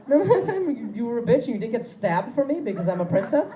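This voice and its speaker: A whiny young girlfriend, put on by a man, nags in a shrill, high, mocking tone as part of a stand-up bit. The voice jumps around in pitch. The sound is a little dull. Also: very animated, fast talker, a little hiss or hum. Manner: mocking, exaggerated. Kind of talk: stand-up comedy.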